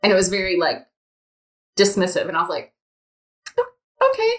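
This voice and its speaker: A woman's voice: fairly low pitch, a little fast. A woman guest on a podcast, an instructional designer, talking casually and chatting freely with many ums and likes. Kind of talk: casual interview chat. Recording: roomy echo.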